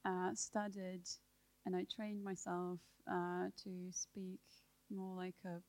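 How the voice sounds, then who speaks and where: A woman's voice: lowish voice, completely flat delivery, slow, darkish tone. A woman from Russia, whose first language is Russian, asking a question from the audience at a talk, hesitant and full of fillers.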